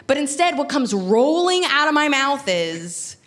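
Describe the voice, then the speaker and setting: A woman's voice: sits high, very animated, measured pace, fairly bright tone. A woman comedian telling a stand-up story, acting out the quotes with big jumps in her voice. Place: comedy club stage.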